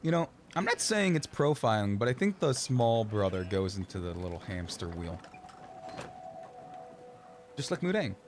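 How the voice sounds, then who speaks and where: A man's voice: fairly low pitch, sing-song, moderate pace, long pauses, a little hiss or hum. A man streaming a video game, rambling and joking as he plays and talking back to the characters on screen. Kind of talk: casual gameplay commentary.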